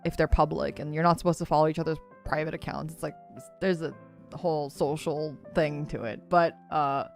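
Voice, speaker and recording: A woman's voice: low-pitched, steady tone, fairly quick, creaky, faint music behind. A young adult woman streamer in casual chat, rambling and gushing, laughing often and swearing freely.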